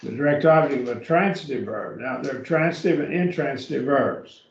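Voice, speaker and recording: A man teaching a classroom grammar lesson, speaking slowly with many fillers, restarts and repeated words. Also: mid-range voice. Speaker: Greek teacher. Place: church classroom. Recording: dull, roomy classroom recording.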